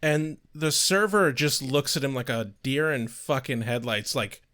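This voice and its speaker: A man co-hosting a podcast, chatting in an excitable, rambling way. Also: mid-range voice, unhurried, a little hiss or hum. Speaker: podcast co-host. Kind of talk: casual chat.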